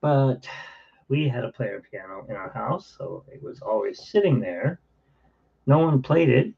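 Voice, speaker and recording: A man's voice: medium pitch, lively intonation, measured pace, creaky, breathy edge, dull audio. A man in his forties, host of his own channel, telling a blunt, wry story in a casual rambling monologue. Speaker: channel host playing keyboard.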